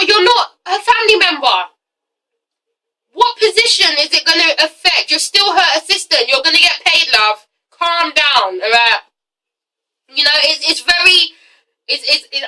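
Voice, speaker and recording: Sharp-voiced sassy English woman vlogger. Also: high-pitched, far from the mic, poor audio. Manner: blunt and sassy, swears freely, keeps tagging "okay?". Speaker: TV review vlogger. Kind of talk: casual ranting review.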